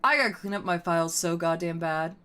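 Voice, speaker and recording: A woman's voice: lowish voice, a little fast, sharp tone, clean tone. A woman streamer chatting casually on a live stream, swearing freely in a playful, teasing way. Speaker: VTuber streamer.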